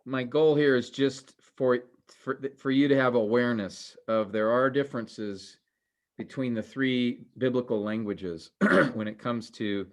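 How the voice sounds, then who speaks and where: A man runs a relaxed, conversational class at a measured pace, his medium-pitched voice earnest and full of caution. His speech is peppered with fillers and restarts.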